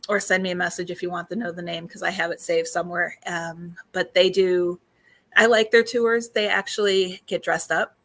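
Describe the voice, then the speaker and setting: A woman hosting a casual live stream, talking loosely with many fillers, greeting viewers, and a little hoarse as she loses her voice. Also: lowish voice, fairly bright tone. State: slightly losing her voice. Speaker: host.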